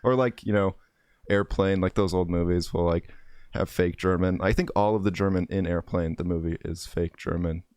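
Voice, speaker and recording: A man's voice: low-pitched, steady tone, normal speed, darkish tone, smooth, dry recording, clean studio sound. A man hosting a casual video-call chat, rambling with lots of fillers and laughs. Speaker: streamer host.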